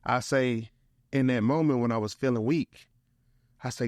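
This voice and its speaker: Telling a relaxed story as a guest, a young man from St. Louis who's a motivational speaker comes across animated and slangy, often saying "bro." His voice sits at medium pitch with a moderate pace, and the audio is close and dry with no room echo.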